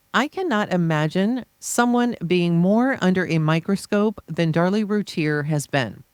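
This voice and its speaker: A podcast reader voicing a defense attorney's closing argument, forceful and insistent with repeated rhetorical phrases. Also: medium pitch, smooth, dry recording, clean studio sound. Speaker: podcast reader of trial transcripts. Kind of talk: reading a courtroom closing argument aloud.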